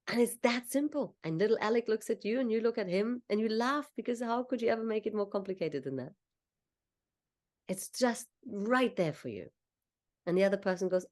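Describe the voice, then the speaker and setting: A woman coach leading a slow, soothing guided visualization, talking the listener through each step. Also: mid-range voice, lively intonation, a little mellow. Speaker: confidence coach.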